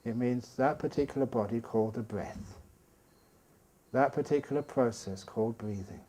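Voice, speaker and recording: A man giving a calm, patient meditation talk at a retreat, speaking slowly with soft pauses. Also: mid-range voice. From Australia. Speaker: meditation teacher. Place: retreat hall.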